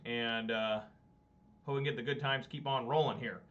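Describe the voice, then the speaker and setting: A married adult man streams a card game, offering rambling, self-deprecating gameplay commentary in a casual style. His voice is medium-pitched, steady, and fairly bright at normal speed, captured on a dull lo-fi mic.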